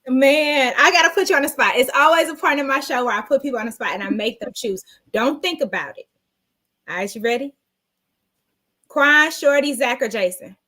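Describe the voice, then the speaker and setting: A woman's voice: high voice, a little fast, sharp tone. A woman hosting an interview show, asking questions in a playful, teasing way. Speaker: show host. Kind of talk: casual interview chat.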